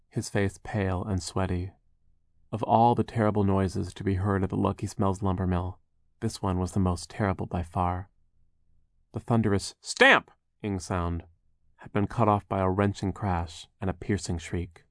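A man narrating a storybook in measured, scripted narration with wry asides. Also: low-pitched, steady tone, a little mellow, dry recording, clean studio sound. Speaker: audiobook narrator.

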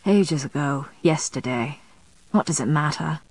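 Tormented male vampire, emphatic and low, read by a woman, storybook reading, close and dry. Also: a little slow, breathy edge, no room sound, heavily acted. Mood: weary. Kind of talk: audiobook character voice.

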